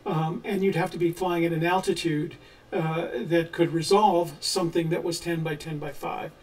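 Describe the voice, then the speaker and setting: Co-host of a treasure-hunt channel, this man answers viewer questions in a relaxed live chat, explaining things carefully and pausing often on "uh." His voice is slightly high, and he sits a little back from the mic, so he sounds a bit distant.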